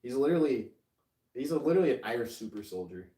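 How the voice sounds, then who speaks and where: A man's voice: mid-range voice, lively intonation, quick pace, dark tone, far from the mic. A man co-hosting a casual chat podcast who jokes and laughs often. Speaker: podcast co-host. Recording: roomy, off-mic.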